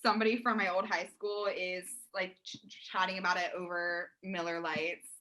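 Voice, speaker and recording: A woman's voice: fairly low pitch, level tone, normal speed, sharp tone, poor audio. A woman guest on a podcast who creates food content, chatting in an earnest way and laughing easily. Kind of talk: casual chat.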